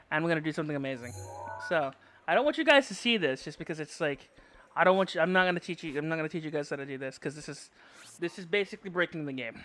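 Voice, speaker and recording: Excitable high-voiced male streamer. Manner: excitable, bickering playfully with chat; frequent yelps and shouts. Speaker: VTuber livestreamer. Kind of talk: live-stream gaming chatter.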